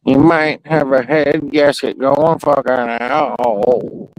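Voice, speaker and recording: Slow-talking crude man, casual vlog. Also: fairly high pitch, steady tone, slight background noise, rough recording. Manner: loose, crude, talks to himself and his cat. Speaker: vlogger. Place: outdoors in the rain and at home.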